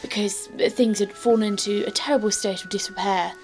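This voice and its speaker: A woman's voice: mid-range voice, fairly even intonation, fairly quick, a little mellow, soft background music, close to an everyday voice. A woman voicing a young nobleman heir who speaks politely and hesitantly, with frequent stammers.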